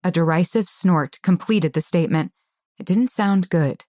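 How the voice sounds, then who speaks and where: A woman with a fairly low voice reads a story aloud in a tense, measured first-person style. The recording is dry and close, with no room sound. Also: warm tone, no echo. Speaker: audiobook narrator. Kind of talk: scripted audiobook narration.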